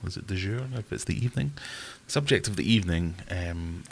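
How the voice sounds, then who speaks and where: A man with a somewhat low voice hosts a relaxed live stream. He chats loosely, greets viewers by name and makes fun of himself. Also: fairly quick, creaky. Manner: self-deprecating, chatty, greets viewers by name. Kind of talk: casual live-stream chat.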